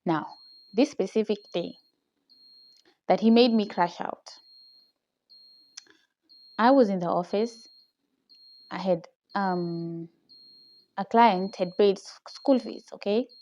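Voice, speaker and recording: A woman's voice: mid-range voice, slow pace, pauses often, warm tone, highs cut off. A young woman with a Kenyan accent tells a personal story in a casual vlog. She retells it with animation, often tags her lines with "okay?", and laughs often. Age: young adult. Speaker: vlogger. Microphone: phone camera.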